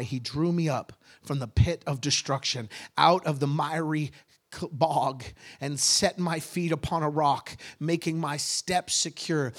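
A man preaching a sermon as pastor, impassioned and rising to shouts at his peaks. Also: on the high side.

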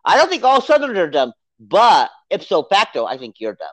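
Podcast co-host, casual movie review, rambling, lively pitch, dry close sound. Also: fairly quick, no room sound. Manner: rambling, animated, acts out character quotes.

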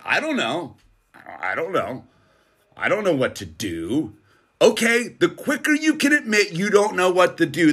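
A middle-aged man hosting his own channel, giving a casual motivational monologue in a slangy, laid-back way, speeding up and slowing down for emphasis. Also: high-pitched. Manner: laid-back slangy, keeps saying "dude"; animated, swings between fast bursts and slow emphasis. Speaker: channel host.

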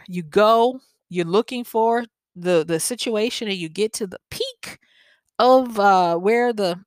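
A woman with a Southern accent hosting her own podcast, telling stories in a chatty, animated way with laughing asides. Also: medium pitch, dry recording. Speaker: podcast host. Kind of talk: reflective solo podcast talk.

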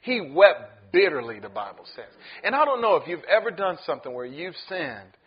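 A pastor preaching with a high, lively voice that swoops up and down. He acts out the people in the story as he goes. The recording sounds dull and lo-fi. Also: moderate pace, husky. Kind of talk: sermon.

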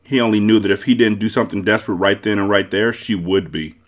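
A low-voiced man reads a novel aloud for his book club podcast, narrating in a measured, steady way.

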